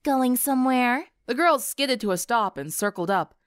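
A woman narrating a story for an audiobook in an expressive storytelling manner. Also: mid-range voice, moderate pace, no room sound, clean studio sound. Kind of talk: audiobook narration of fan fiction.

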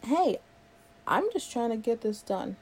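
A woman's voice: on the low side, moderate pace, dark tone, a little hiss or hum. A young woman in a one-sided role-play, playing a sarcastic, exasperated coworker who swears a lot. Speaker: coworker doing a project with the listener.

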